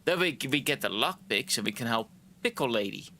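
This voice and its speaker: A man's voice: mid-range voice, animated, a little fast, sharp tone. A male streamer chatting casually while playing a game, rambling and a little tipsy. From Canada.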